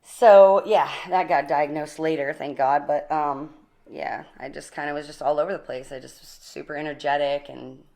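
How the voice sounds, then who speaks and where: A woman guest in her forties tells her recovery story in a casual interview, energetic, animated, and often laughing. Her voice is low with vocal fry, at a moderate pace.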